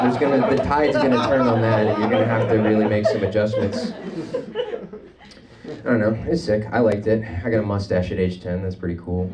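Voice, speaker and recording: A man doing a rambling, deadpan, self-deprecating stand-up set on a comedy club stage. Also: mid-range voice. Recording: club audio, mic at a distance, crowd audible.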